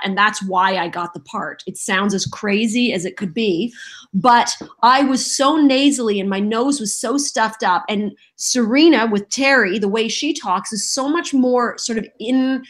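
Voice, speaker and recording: A middle-aged woman, a voice actress guest on a podcast, telling lively stories and acting out voices and quotes in casual chat. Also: mid-range voice. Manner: lively storyteller who acts out voices and quotes.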